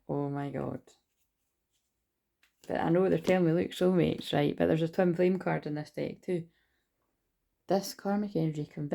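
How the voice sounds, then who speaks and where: A woman gives a casual, rambling tarot reading, running through card meanings and swearing freely. Her voice is low, creaky and mellow.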